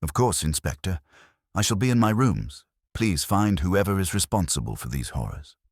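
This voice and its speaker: A man's voice: deep voice, big pitch swings, moderate pace, no echo, studio quality, pitched above the performer's own voice, heavily acted. A man voicing an elegant older aristocratic countess with a German accent, feigning distress. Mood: composed.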